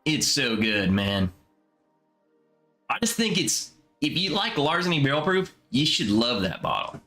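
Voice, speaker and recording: A young man with a bright, forward voice hosts a laid-back livestream. His pitch swings up and down a lot as he muses and chats easily with viewers. Faint music plays quietly underneath. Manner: relaxed, chatty, drawn-out musing. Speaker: livestream host. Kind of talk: casual live chat reading comments.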